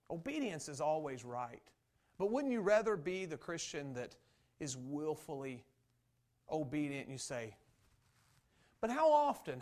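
A pastor delivers a sermon, his fairly high voice swinging between loud and hushed as he passionately acts out biblical dialogue.

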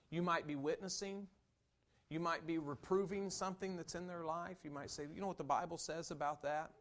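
A male pastor with a notably high voice delivers a sermon. He talks to the congregation in a plain, conversational way, then builds into loud, forceful preaching.

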